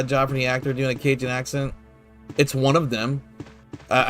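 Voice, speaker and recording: Male streamer, mid-pitched, loose rambling commentary over faint game music. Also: fairly bright tone. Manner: rambling, laid-back, many fillers, casual swearing. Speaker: gameplay streamer. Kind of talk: casual gameplay commentary.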